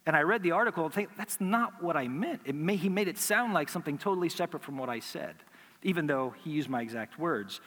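A man's voice: fairly high pitch, fast talker, fairly bright tone, long reverb tail. A man preaching a sermon as pastor, teaching through rhetorical questions and acting out imagined replies.

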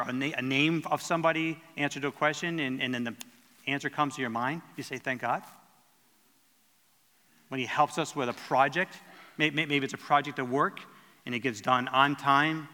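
A man's voice: on the high side, pushed and bright, big-room sound. A man preaching a sermon in an earnest teaching tone, stumbling and restarting as he explains the verses.

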